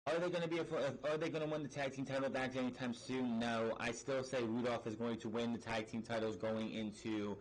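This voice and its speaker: A man's voice: medium pitch, little pitch movement, a little hiss or hum, low-quality recording. A man giving a blunt, sarcastic recap of a wrestling episode, swearing freely and restarting his sentences often. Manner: rapid recap with frequent restarts and fillers. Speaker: wrestling show reviewer. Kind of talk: casual recap commentary.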